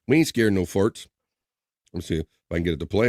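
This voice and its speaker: A man hosting a casual livestream, reading out viewer comments with loose, joking shout-outs and easy laughs. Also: sits low, lively intonation, fast talker, dry recording, studio quality. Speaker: livestream host.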